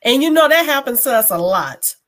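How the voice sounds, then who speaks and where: Woman cohost, high voice, preachy faith chat w/ viewers. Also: very animated, a little fast, a bit bright. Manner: preachy, addresses viewers directly. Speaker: co-host. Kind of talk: faith talk show chat.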